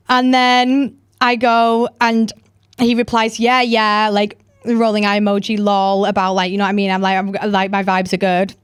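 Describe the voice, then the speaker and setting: A young woman hosting a podcast, telling a story in a chatty, animated way with lots of "like" fillers. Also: medium pitch, moderate pace, clean tone, no room sound, clean studio sound. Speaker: podcast host. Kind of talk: casual storytelling chat.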